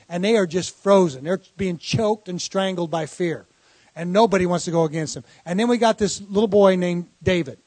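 A man hosts a faith program and preaches in an encouraging, emphatic way. His voice is quite high for a man and moves at a quick pace. The sound is dry and close, with no room echo. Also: darkish tone. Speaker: host.

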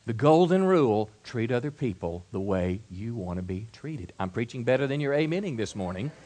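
Pastor preaching with rising build-ups. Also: male voice, medium pitch. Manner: repeats words and restarts, acts out quoted voices; varies loudness widely, soft asides to loud build-ups. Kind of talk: sermon.

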